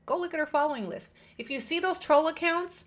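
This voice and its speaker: A woman's voice: sits high, brisk. A woman hosting a livestream commentary, indignant and heated, swearing and repeating her points for emphasis. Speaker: host.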